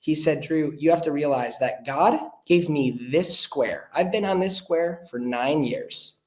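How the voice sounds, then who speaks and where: A young man, a podcast guest, telling a story in an earnest, animated way and acting out the voices of the people he quotes. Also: a little high, unhurried. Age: young adult. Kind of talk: casual storytelling chat. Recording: roomy echo.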